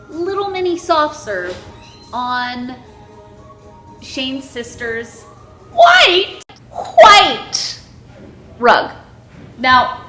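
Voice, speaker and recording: A woman's voice: high voice, pushed and bright. A young woman telling a crude, laughing storytime to her vlog audience in a casual way. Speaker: vlogger. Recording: echoey room with faint music.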